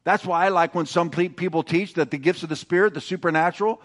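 High-voiced man preaching emphatically. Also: quick pace. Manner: emphatic, calls for congregation responses. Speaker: pastor. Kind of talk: sermon.

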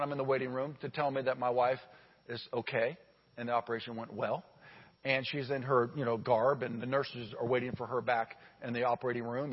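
A man preaches a sermon in a big hall, swinging from loud, lively storytelling to hushed asides. His voice sits a bit high and sounds breathy. The recording is dull and lo-fi, with a long reverb trailing behind him. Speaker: pastor.

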